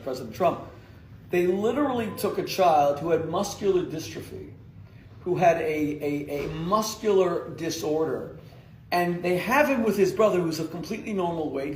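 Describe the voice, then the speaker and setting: A rabbi from the United States gives an emphatic, joking lecture to a community audience, laughing at his own jokes. His voice is high-pitched, and the recording carries the echo of a lecture hall plus a little hiss or hum.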